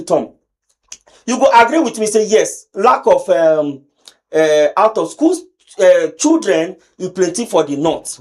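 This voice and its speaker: A man's voice: high voice, a little mellow. A man with a Nigerian accent hosting a pidgin talk show in a studio, chatty and teasing, with many fillers. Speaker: host.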